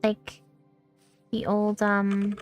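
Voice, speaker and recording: Speaking extremely slowly in a mid-range voice with a completely flat delivery, a young VTuber streams a video game. She rambles casually, swears freely and pokes fun at herself while faint music plays.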